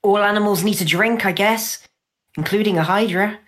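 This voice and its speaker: A woman playing a tabletop game, quick to exclaim and joke. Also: mid-range voice. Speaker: player.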